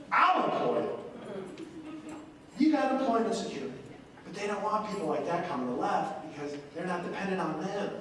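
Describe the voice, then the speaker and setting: A man giving a folksy, animated political town-hall speech, telling anecdotes and acting out other people. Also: high voice, a little hiss or hum. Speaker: congressman speaking at a town hall. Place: large echoey courthouse hall. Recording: echoey hall recorded from a distance.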